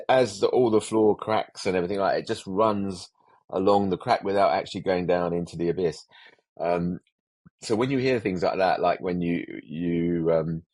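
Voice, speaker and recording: Older guy telling old film set stories, low husky voice, dry close mic. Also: a little mellow, no echo. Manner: rambling anecdotal storyteller, frequent restarts. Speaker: special effects veteran, guest. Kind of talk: casual podcast interview.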